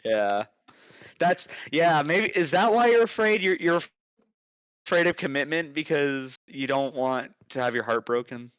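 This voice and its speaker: A man hosting a casual podcast, rambling and swearing freely, stumbling over restarts as he works through his point. His voice is middle in pitch, with a slightly dull, lo-fi sound in a dry room. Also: animated, measured pace, fairly bright tone, smooth, dry recording. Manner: rambling, profane, with many restarts. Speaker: podcast host. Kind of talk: casual chat.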